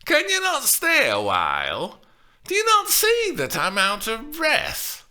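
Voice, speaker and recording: A woman's voice: a little high, wildly swooping pitch, slow, bright, forceful tone, pitched above the performer's own voice, exaggerated voice. A man voicing a tired, grumpy older woman with a Lancashire accent, playing a nurse. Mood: scolding. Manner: tired, grumbling, snappish.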